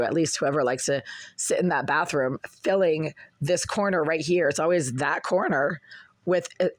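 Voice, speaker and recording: Hoarse tenant with a dry, close sound. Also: mid-range voice, no room sound. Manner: aggrieved, rambling, with throat-clearing. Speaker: tenant making a complaint video. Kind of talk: casual vlog report. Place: cold apartment indoors, bundled under a blanket.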